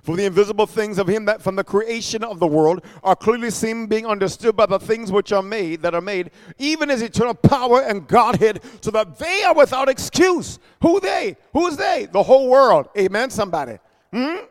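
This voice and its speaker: A man preaching a sermon, animated, with constant call-and-response amens and hallelujahs. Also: sits high, moderate pace. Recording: echoey hall.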